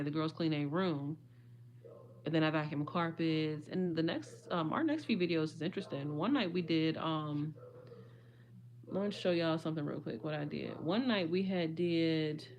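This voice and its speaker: A young woman, chatting casually with viewers on a livestream, her voice a little hoarse. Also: low voice, normal speed, darkish tone, highs cut off. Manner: chatty, addresses viewers as y'all. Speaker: livestream host.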